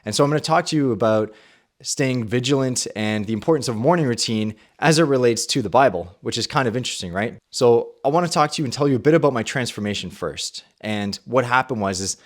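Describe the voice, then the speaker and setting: A young adult man of middle pitch hosts a faith podcast and tells his own story with a lot of life. He acts out his past thoughts, leaning into some phrases and dropping others to a near mutter. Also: lively intonation, quick pace. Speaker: podcast host. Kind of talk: personal testimony and Bible talk.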